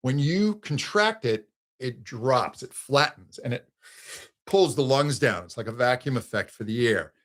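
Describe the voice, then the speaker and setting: Speaking a little slowly with medium pitch and plenty of animation, a man teaches singing in a live question-and-answer session. He restarts phrases thoughtfully while explaining and breaks into sung exercises.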